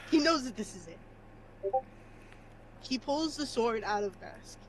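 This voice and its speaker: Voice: medium pitch, very animated, unhurried, a little hiss or hum, low-quality recording. A player at a tabletop game, tearful and rambling, with many fillers.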